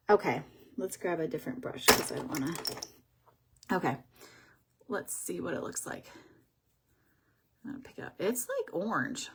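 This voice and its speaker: A woman hosting a casual beauty vlog, chatting through makeup swatches as she thinks aloud. She sometimes drops to a soft whisper and stumbles over product names. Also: mid-range voice, husky. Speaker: beauty vlogger host.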